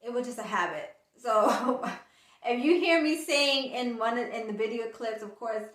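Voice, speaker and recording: A woman's voice: a little high, a little slow. Woman vlogger telling a story in an echoey room. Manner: animated storyteller, acts out quoted dialogue. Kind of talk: casual storytime vlog. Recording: echoey room, distant mic.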